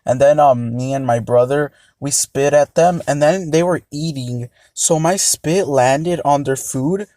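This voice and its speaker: Young guy, casual storytime, rambling with lots of ums, mellow tone, dry close sound. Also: fairly high pitch, measured pace, few pauses, no room sound. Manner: rambling, hesitant, many fillers. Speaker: vlogger.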